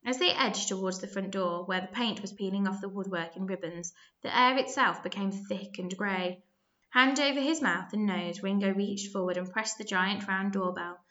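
A woman narrating a children's story aloud, lively and expressive, with small slips. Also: medium pitch, normal speed, muffled recording.

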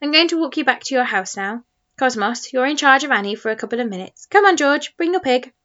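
A woman's voice: sits high, expressive, brisk, sharp tone, dull audio, pitched above the performer's own voice. A woman reading a storybook, voicing a kindly, flustered scientist father who fusses and apologises. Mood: hurried. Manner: apologetic, fussing.

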